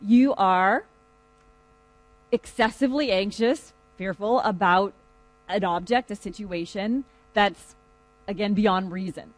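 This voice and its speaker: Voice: mid-range voice, slow, no room sound, poor audio. Conversational lecturer, loose and chatty, talking to a class. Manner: conversational, lively storytelling.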